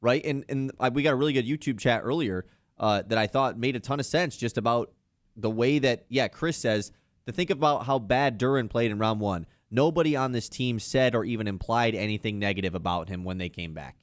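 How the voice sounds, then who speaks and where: A man's voice: mid-range voice, brisk, no echo. A man hosting a sports talk radio show, chatting casually and with animation about basketball. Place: radio studio.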